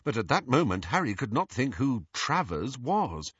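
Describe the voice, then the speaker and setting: Animated, bright male audiobook narrator. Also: mid-range voice, normal speed, slightly rough, dry recording, highs cut off. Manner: expressive, animated reading. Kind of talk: scripted narration.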